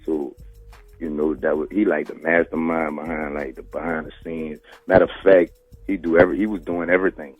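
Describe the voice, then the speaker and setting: A man's voice: a bass voice, flat delivery, fairly quick, husky, soft background music. A man from New Orleans with a New Orleans accent, a podcast host talking casually in an interview, full of street slang and "you heard me". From New Orleans, Louisiana. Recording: tinny phone-line radio call.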